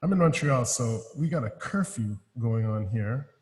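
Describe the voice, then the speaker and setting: A man chatting casually as a guest musician on a video call, relaxed and friendly, talking from his home. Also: medium pitch, normal speed. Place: room in his home in Montreal. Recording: reverberant room over a video call.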